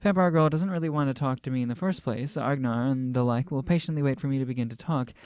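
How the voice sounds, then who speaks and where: A man's voice: medium pitch, fast, a little mellow, clear, resonant tone, no echo. A man casually reading a translated novel aloud, stumbling and restarting and breaking off for joking asides. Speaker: amateur novel reader.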